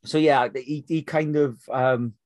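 Man, podcast co-host, lively, casual, dry close sound. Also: mid-range voice, unhurried, no echo. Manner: animated, swears casually, laughs while talking. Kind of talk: casual film discussion.

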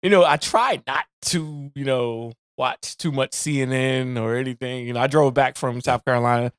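A man co-hosting a podcast in casual chat, relaxed and slangy, laughing often. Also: mid-range voice, normal speed, clear, resonant tone, dry recording, studio quality. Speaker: podcast co-host.

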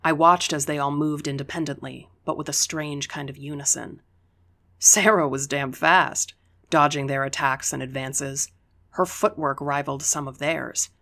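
An audiobook narrator reading a first-person story in an even, unhurried way. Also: mid-range voice, vocal fry.

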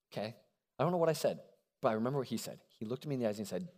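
A man's voice: medium pitch, very fast. Young man preaching in a reverberant hall. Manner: animated, conversational with frequent check-ins. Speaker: college ministry preacher. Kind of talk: sermon.

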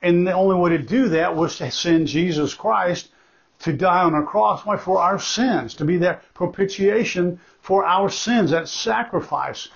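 Emphatic male pastor, slightly high voice. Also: unhurried, gravelly. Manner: emphatic, repeats key phrases for stress; conversational, with asides and self-corrections. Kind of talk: sermon. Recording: dull lo-fi recording.

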